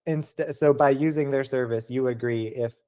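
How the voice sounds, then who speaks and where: A man's voice: medium pitch, normal speed, smooth. A young man answering interview questions casually, full of "like" and "kinda". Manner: relaxed, many "like" and "kinda" fillers.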